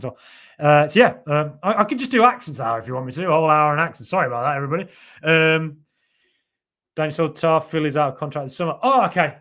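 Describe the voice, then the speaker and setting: A man's voice: on the high side, lively intonation, fast, a bit bright. A man hosting a football podcast live stream, chatting casually and reading out viewer comments in a rambling way with lots of fillers.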